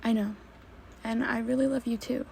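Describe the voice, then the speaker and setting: A woman's voice: fairly high pitch, fairly even intonation, normal speed, creaky, darkish tone, a little hiss or hum. A woman reading the lines of a young adult man, a cheerful, caring husband, in a teasing, upbeat way.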